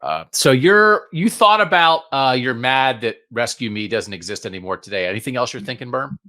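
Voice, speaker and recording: Bright-voiced wry podcast host, a man. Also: medium pitch, animated, normal speed. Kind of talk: casual chat.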